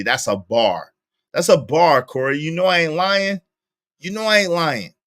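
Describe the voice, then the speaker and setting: A young man with a Brooklyn accent, giving slangy, animated live-stream commentary and laughing often. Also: on the high side, no room sound, studio quality. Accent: Brooklyn New York. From Brooklyn, New York. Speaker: streamer reacting to a show.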